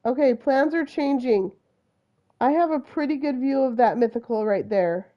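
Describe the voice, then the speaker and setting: A woman's voice: high voice, moderate pace, highs cut off. A woman from Utah with a Utah accent, chatting through live gameplay commentary and talking to the animals on screen. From Utah, USA. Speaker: game streamer.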